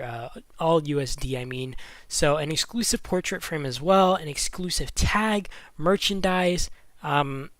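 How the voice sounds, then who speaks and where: A man's voice: on the high side, a bit bright, no room sound. A man talking casually about a mobile game event, thinking aloud as he goes, often stumbling over his words. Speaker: gaming YouTuber.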